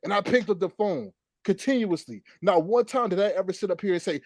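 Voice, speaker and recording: A man's voice: high voice, animated, a little fast, a little mellow, no echo, clean studio sound. A man hosting a livestream, angrily ranting in a profane, repetitive way. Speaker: livestream host. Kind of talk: heated livestream rant.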